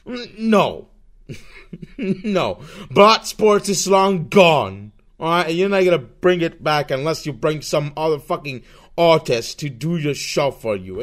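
Profane, slow-talking man ranting solo. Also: on the high side. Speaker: podcast host. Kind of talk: solo rant podcast.

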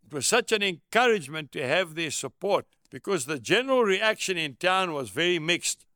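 A man's voice: high-pitched, animated, moderate pace, sharp tone, no room sound, clean studio sound. A man narrating a first-person memoir as an audiobook, in an earnest, reflective way.

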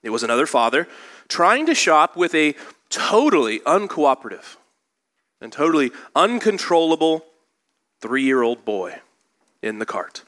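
A male pastor preaching a sermon in a church, moving from slow scripture reading into lively storytelling. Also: fairly high pitch.

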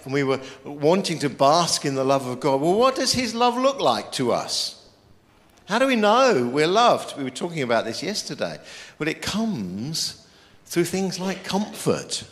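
A man preaching a sermon, lively and emphatic, quoting scripture as he goes. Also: fairly high pitch, unhurried. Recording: long hall reverb.

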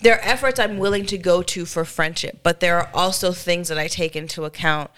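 A woman's voice: lowish voice, a little fast, a bit bright. A woman in her thirties co-hosting a podcast, talking candidly and chattily, a little congested. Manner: candid, chatty, fond of fillers. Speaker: podcast co-host. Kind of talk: casual chat.

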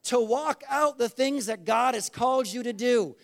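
A man's voice: extremely high pitch, normal speed, vocal fry. A man preaching a conversational sermon, acting out little quoted exchanges and asking the congregation to respond. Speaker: pastor.

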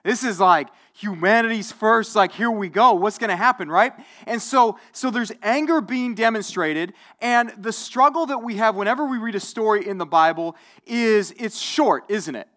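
A man's voice: high voice, moderate pace, few pauses, sharp tone. A man in his forties preaching in a loose, conversational way. He restarts phrases, repeats himself and keeps asking his listeners whether they follow. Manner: conversational, repetitive, asks the audience. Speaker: pastor. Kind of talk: sermon.

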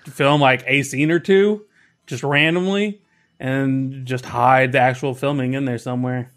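A man's voice: medium pitch, steady tone, unhurried, fairly bright tone. A man co-hosting a comedy podcast, chatting loosely and joking. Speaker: podcast co-host. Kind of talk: casual comedy chat.

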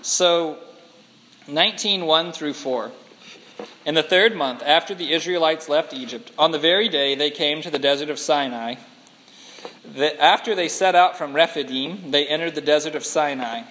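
A man teaching a Bible class in an animated way, laughing often and acting out the people he quotes. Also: a little high, moderate pace, a little hiss or hum. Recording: long hall reverb.

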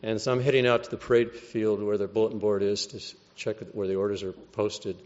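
A man's voice: fairly low pitch, flat delivery, fairly quick, a little mellow, long reverb tail, highs cut off. An American man giving a wry, conversational testimony, acting out the voices he quotes. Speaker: speaker giving a personal testimony. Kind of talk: storytelling testimony.

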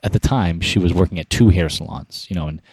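A young man tells a story at a rapid clip, his voice sitting fairly low. He bounces into the voices of the people he quotes. The sound is dry and close. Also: breathy edge, no echo. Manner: energetic, animated storyteller acting out quoted dialogue. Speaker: podcast guest, founder of an inspiration business. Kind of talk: casual storytelling interview.

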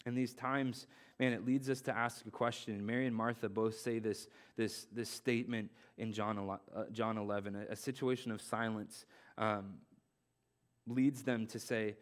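A man's voice: lowish voice, fairly even intonation, normal speed. Young man preaching an earnest sermon. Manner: earnest, repeats key phrases, casual slang. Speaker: pastor.

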